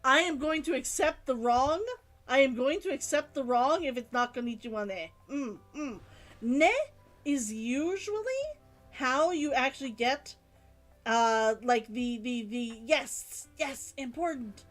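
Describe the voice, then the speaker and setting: A high-pitched woman streaming live talks casually to her chat, and her voice swings widely up and down as she muses aloud and reads out their comments. Soft music plays faintly behind her. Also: expressive, unhurried.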